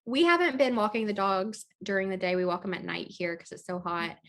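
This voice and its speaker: Young adult woman co-host, casual podcast chat, frequent laughter, animated quoted asides, rough home recording. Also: mid-range voice, brisk.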